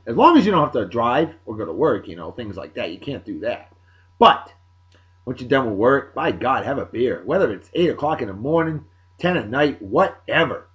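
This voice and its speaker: A man, hosting a show and giving rowdy, salty shout-outs to friends in a casual rambling way. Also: medium pitch, lo-fi sound. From Martha's Vineyard, Massachusetts. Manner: boisterous, salty, hollers catchphrases.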